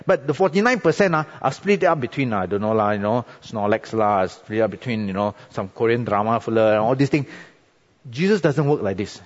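Pastor preaching in a church hall. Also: male voice, fairly low pitch, a little fast. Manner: conversational, animated, frequent tag questions. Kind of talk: sermon. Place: church sanctuary. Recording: dull, echoey hall recording.

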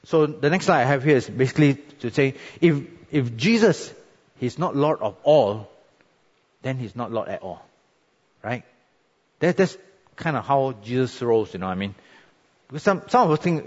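Middle-aged man preaching casually, husky edge, long reverb in a large sanctuary. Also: mid-range voice, moderate pace. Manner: conversational, animated, frequent tag questions. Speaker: pastor. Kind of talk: sermon. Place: church sanctuary. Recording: dull, echoey hall recording.

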